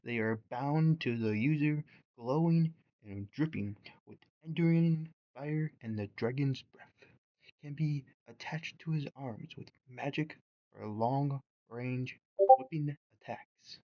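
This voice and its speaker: A man talking slowly and haltingly, tripping over words and padding with fillers as he reads and reacts. His voice comes through a dull, lo-fi microphone with a very dry, close sound. It is relaxed, casual commentary. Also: mid-range voice, dry recording. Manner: hesitant, stumbling over words, many fillers. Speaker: YouTube reviewer. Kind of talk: casual commentary reading bios aloud.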